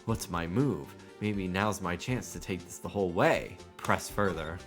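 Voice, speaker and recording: A man's voice: sits low, measured pace, music in the background. A man reading an earnest young defense lawyer. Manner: earnest, pleading, deductive.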